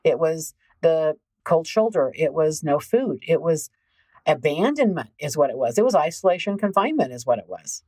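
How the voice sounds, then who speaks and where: A woman hosting a podcast as a coach, talking in an animated, emphatic way straight to her listeners. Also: deep voice, normal speed, breathy edge, no echo, poor audio. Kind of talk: conversational podcast monologue.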